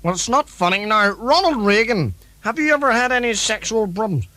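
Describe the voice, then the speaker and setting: A brash, exasperated man hosting a spoof talk show, swearing freely. His voice sits high and sounds dry and close. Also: very animated, fairly quick, pushed and bright, dry recording. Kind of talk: comedy sketch.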